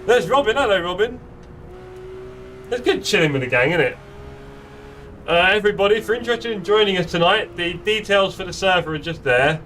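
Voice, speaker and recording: A man's voice: high voice, lively intonation, brisk, pauses often, bright, forceful tone, far from the mic, a little hiss or hum. A man chatting playfully with friends while live-streaming a sim racing game. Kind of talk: live gameplay chat. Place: home sim racing setup.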